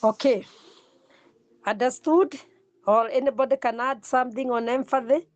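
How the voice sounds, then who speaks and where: A middle-aged woman teaching a counselling class, repeating key words slowly for emphasis. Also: high-pitched, fairly even intonation, dry recording, dull audio. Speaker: counselling lecturer. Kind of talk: classroom lecture.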